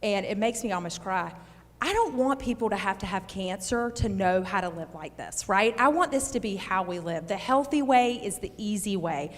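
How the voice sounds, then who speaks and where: A woman's voice: mid-range voice, animated, normal speed. A woman with an Eastern North Carolina accent giving an enthusiastic public speech to a live audience as a physician introducing a keynote. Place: large hall. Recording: reverberant hall.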